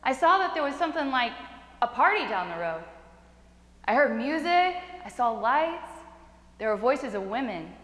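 A woman's voice: high-pitched, very animated, moderate pace, pauses often, a bit bright, faint music behind. A young woman performing the earnest first-person story of a young immigrant man in a theatrical staged reading. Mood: reflective. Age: young adult. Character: young immigrant man recalling his journey. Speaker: student performer. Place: chapel performance. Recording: echoey chapel with long reverb.

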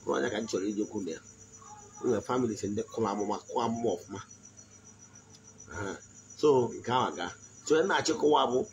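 A man giving a spiritual teaching in a slow, deliberate voice, often asking his listeners if they follow. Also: mid-range voice, slight background noise, rough recording. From Nigeria. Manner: switches between Igbo and English, frequent check-ins. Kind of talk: spoken teaching.

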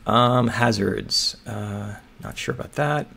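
A man's voice: mid-range voice, slow pace, vocal fry, pushed and bright. A man thinking aloud as he solves a crossword, hesitant and muttering, often turning his guesses into questions. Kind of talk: thinking aloud while solving.

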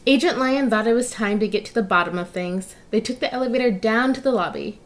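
A woman reads a children's picture book aloud in a gentle, engaging way. Her voice sits a little high, and now and then she turns to the listener with a question. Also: quick pace. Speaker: storyteller. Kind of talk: children's story read-aloud.

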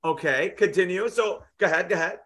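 A man's voice: high voice, fast, a bit bright. A man hosting a live trading show, chatting in a friendly, casual way and often repeating himself. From United States. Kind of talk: casual live-stream chat.

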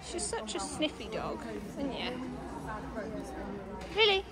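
A woman's voice: high-pitched, sing-song, slow, a loud crowd. A young woman vlogging outdoors at a cold dog show on a handheld camera, chatting and talking fondly to her dogs. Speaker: vlogger and dog agility handler. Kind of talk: casual vlog chat.

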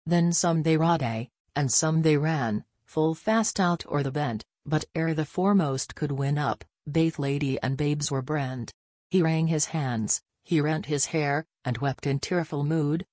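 A man reciting an old ballad in measured, rhythmic verse, voicing Scots dialect words. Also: fairly high pitch, darkish tone, dry recording, studio quality. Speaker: poetry reader.

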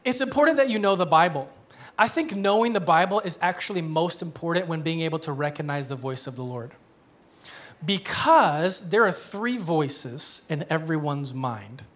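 Pastor guy in his 30s preaching casual, kinda high voice, jokes around and laughs a lot. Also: animated, moderate pace, fairly bright tone. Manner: conversational, joking, laughs often. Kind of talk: sermon. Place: church.

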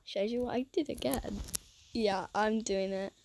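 A woman giving casual gameplay commentary, dramatic and excitable, who keeps talking to her viewers and often drops into a whisper. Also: medium pitch, measured pace, gravelly, slight background noise. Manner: excitable and dramatic, swinging between squeals and whispers; chats to viewers while playing. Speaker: gaming channel host.

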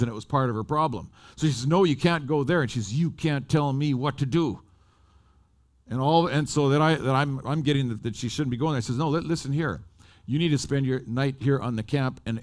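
A man preaching at a camp meeting, telling a personal story in an animated, conversational way. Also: mid-range voice. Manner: animated, rising and falling with the story. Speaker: lay preacher. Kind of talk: storytelling sermon.

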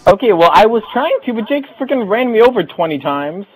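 A young man gaming with friends, excitable and quick to yelp and laugh. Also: high-pitched, low-quality recording. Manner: excitable, yelps and laughs a lot. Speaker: gamer. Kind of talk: casual gameplay banter.

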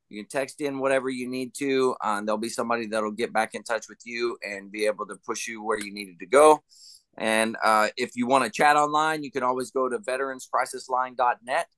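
A man's voice: medium pitch, pushed and bright, no echo. A man hosting a podcast, closing the show in an earnest, plain-spoken way. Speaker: podcast host. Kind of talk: show sign-off.

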